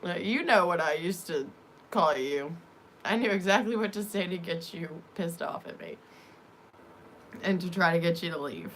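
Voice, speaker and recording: A woman vlogger telling a personal story in a halting way, with many pauses and fillers. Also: on the low side, expressive, fairly bright tone, a little hiss or hum.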